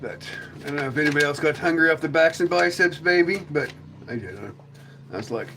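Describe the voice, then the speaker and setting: A man's voice: on the high side, fast talker, background noise. A man hosting a casual livestream chat, rambling and joking, often slipping into silly voices. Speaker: livestream host.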